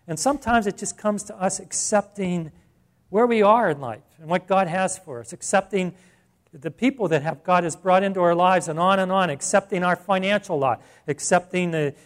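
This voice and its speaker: A man's voice: high voice, normal speed. A man preaching a sermon in a conversational way, piling up rhetorical questions and rising in emphasis. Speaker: pastor.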